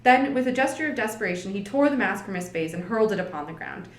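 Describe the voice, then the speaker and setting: A woman from the library staff reading a classic detective story aloud, in an unhurried storybook style with light character voices and chatty asides. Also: mid-range voice, lively intonation. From United States. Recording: roomy echo.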